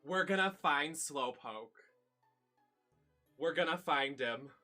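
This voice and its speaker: A man giving live commentary on a video game, excitable and profane, shrieking when thrilled. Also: on the high side, takes it slowly. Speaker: streamer. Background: faint game music.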